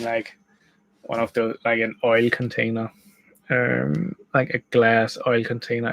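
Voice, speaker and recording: Gravelly guy rambling a story, lots of "like" and restarts, mid pitch. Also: dry recording, rough recording. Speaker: gaming channel host. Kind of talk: casual storytelling. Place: room beside a bed.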